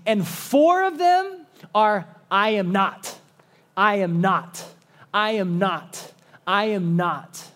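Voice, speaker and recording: Guy with a high voice preaching, slow and emphatic, lots of pauses. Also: a bit bright. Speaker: pastor. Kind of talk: sermon.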